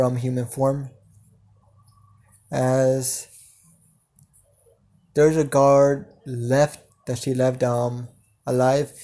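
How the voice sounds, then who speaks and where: A man's voice: medium pitch, warm tone. A man narrating an improvised fan story, hesitant and full of fillers.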